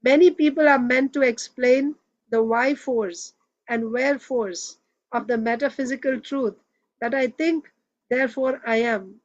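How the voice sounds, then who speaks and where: Woman doing a rambling agitated young guy, pitched up, muffled lo-fi audio. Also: a little slow. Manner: rambling, insistent.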